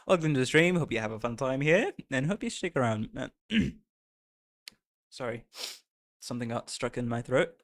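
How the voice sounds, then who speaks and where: A man's voice: mid-range voice, expressive, moderate pace, pauses often. A young man streaming, chatting casually with his viewers, playful and often laughing. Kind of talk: casual live-stream reaction chat. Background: faint music.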